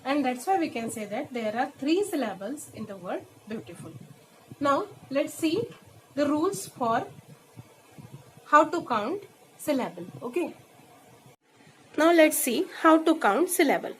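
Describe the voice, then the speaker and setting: A woman with a fairly high voice and an Indian English accent teaches a classroom lesson, mixing English and Hindi. She explains step by step and says each example word slowly, more than once. A faint hiss sits under the recording. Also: sing-song, poor audio. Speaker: school teacher. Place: school.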